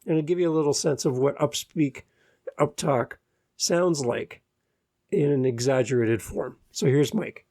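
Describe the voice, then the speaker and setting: A Canadian man hosts a solo advice podcast in an earnest, easygoing way. His voice is fairly high for a man, yet mellow, with a husky, gravelly edge. He pokes gentle fun at himself as he talks. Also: a little slow. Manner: earnest, easygoing and self-deprecating. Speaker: podcast host.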